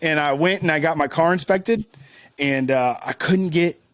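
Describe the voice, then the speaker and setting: A man's voice: a little high, normal speed, a bit bright, no echo, clean studio sound. A man co-hosting a podcast, telling rambling self-deprecating stories in casual chat. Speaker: podcast co-host.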